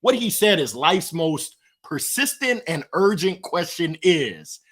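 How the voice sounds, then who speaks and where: A middle-aged man with a fairly high voice tells stories with lots of energy. His pitch jumps around a great deal as he acts out the other people in his stories, in an animated, engaging way. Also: takes it slowly, slightly rough. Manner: lively, acts out voices in anecdotes. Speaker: guest. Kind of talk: animated storytelling.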